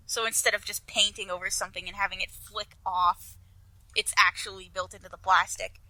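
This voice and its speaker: A woman's voice: mid-range voice, fairly even intonation, a little fast, bright, forceful tone, dry recording, rough recording. A woman co-hosting a casual podcast, laughing often and teasing the others. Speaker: podcast co-host. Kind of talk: casual group podcast chat.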